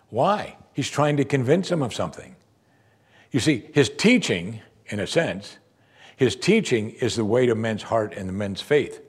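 A man preaching verse by verse through a Bible passage, animated, breaking off to act out the people he quotes. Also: medium pitch, husky. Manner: animated, acts out quoted voices.

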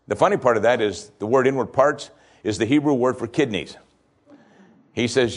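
A man pastor preaching a sermon, reading verses slowly with emphasis and asking rhetorical questions. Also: mid-range voice, animated.

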